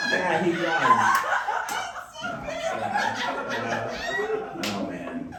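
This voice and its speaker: Animated man doing stand-up in a club. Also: medium pitch, very slow, long pauses, far from the mic, a loud crowd, very noisy. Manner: animated storytelling with acted-out quotes. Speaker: stand-up comedian. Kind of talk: stand-up comedy set. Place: comedy club stage. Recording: roomy club sound, taped from afar. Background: audience laughing.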